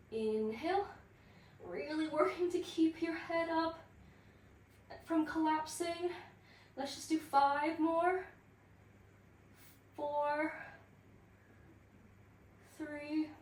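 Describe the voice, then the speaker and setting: Breathless woman counting down pilates reps real slow, kinda far off the built-in mic, faint hiss behind. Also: high-pitched, a little mellow. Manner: slow counting cues with light laughs. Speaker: pilates instructor. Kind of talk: guided workout class. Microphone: built-in device mic. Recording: echoey room, far from the mic.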